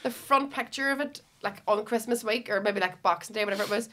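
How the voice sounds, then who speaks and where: A woman's voice: mid-range voice, fast, sharp tone. A woman in her thirties with a Northern Irish accent, hosting a podcast and telling stories in a chatty, laughing way with some swearing. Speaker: podcast host. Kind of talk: casual chat.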